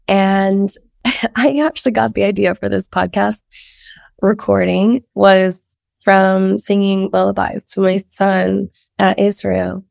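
A woman's voice: medium pitch, gravelly, darkish tone, no room sound, clean studio sound. A woman in her thirties who is a little sick, hosting her life-coaching podcast in a chatty way with frequent restarts. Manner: chatty, many restarts and fillers, laughs often. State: sick, slightly husky. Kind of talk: casual podcast monologue.

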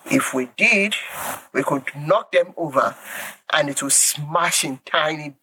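A woman voicing a trusting, excitable male monkey in a children's story, high-pitched and squealing. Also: takes it slowly, slightly rough, dry recording, exaggerated voice, low-quality recording. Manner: high and squealing when frightened.

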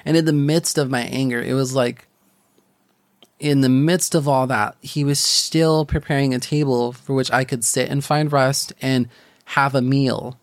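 Young guy, gravelly voice, middle pitch, talking about his faith in a halting, rambly way. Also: fairly even intonation, dry recording, studio quality. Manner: rambling, halting, many restarts and fillers. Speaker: podcast host. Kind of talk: personal faith testimony.

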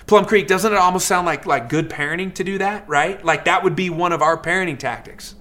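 A man preaching a sermon in a lively, conversational way, acting out characters in quick asides. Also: high-pitched. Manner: animated, acts out characters in asides; fast, conversational preaching with many fillers. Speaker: pastor.

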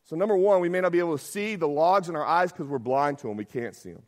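A man's voice: a little high, fast talker. A man preaching a sermon as pastor, talking conversationally, often asking "right?" and acting out quotes.

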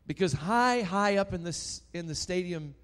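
A man preaching a sermon, telling a story dramatically and swinging between loud and hushed. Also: high-pitched, animated, normal speed.

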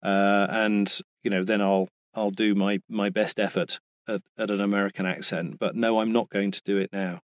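British male voice actor, relaxed guest, halting restarts, dead-dry booth sound. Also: on the low side, no echo. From Britain. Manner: chatty, hesitant with frequent restarts. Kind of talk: casual interview chat.

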